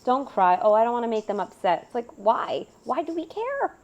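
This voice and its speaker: A woman's voice: fairly high pitch, very animated, a little fast, a little mellow, highs cut off. A woman hosting a podcast, talking in an earnest, emphatic way and asking questions to make her point. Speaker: podcast host. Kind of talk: casual conversational interview.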